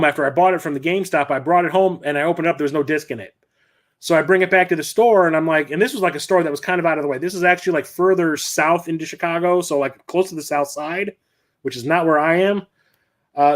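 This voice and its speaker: A middle-aged man hosting a livestream, telling stories in a loose, rambling, conversational way. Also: a little high. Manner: rambling, conversational storytelling with frequent restarts. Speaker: host. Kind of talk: casual livestream chat.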